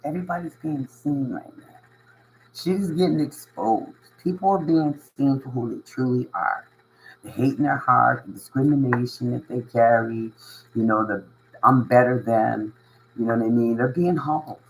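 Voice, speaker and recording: A spiritual channel host gives his viewers a casual motivational monologue, earnest and emotional, repeating himself for emphasis, chuckling often and saying "you know what I mean" a lot. His medium-pitched voice has vocal fry and moves at a moderate pace. The low-quality recording carries slight background noise.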